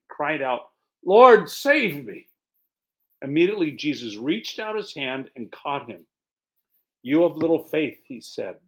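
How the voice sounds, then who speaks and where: A man preaching in an easy, talkative way, moving between scripture readings and plain explanation. His voice sits a little higher than most men's. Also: dull audio. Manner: relaxed, chatty, explains as he goes. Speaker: pastor. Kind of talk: conversational sermon with scripture reading.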